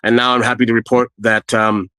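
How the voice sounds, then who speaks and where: A middle-aged man from Canada, a guest telling his own story in a blunt, lively way and acting out what others said. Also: a little fast, clean tone, dry recording, rough recording. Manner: re-enacts quoted people with raised pitch, blunt and profane. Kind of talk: animated personal storytelling.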